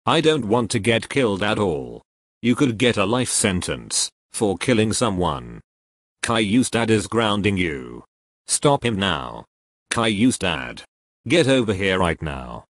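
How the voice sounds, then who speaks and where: A computer-generated male voice that reads joke error messages aloud in a flat, even, text-to-speech manner. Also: on the low side, a little slow, dry recording, studio quality. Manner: flat, evenly paced computer voice. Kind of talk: synthetic text-to-speech reading.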